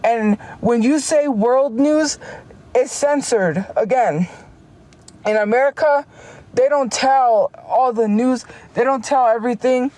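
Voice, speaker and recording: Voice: sits high, darkish tone. A streamer ranting heatedly on a casual livestream, often restarting sentences. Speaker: live streamer.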